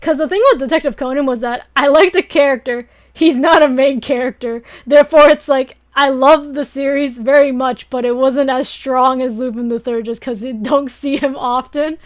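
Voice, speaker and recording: A young woman with a notably high voice chats casually on a late-night stream. She rambles from one thought to the next, giggling and gushing with excitable energy as she talks to her viewers. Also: normal speed, hardly any pauses.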